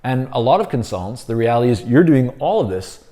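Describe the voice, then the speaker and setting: A man with a dark, mellow voice walks consultants through a planning exercise. He talks loosely and casually, with plenty of "uh" and "you know" and frequent restarts. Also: mid-range voice, sing-song, a little fast. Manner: conversational, many fillers and restarts; explains while drawing on a board. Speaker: business consultant teaching. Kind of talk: instructional talk to camera.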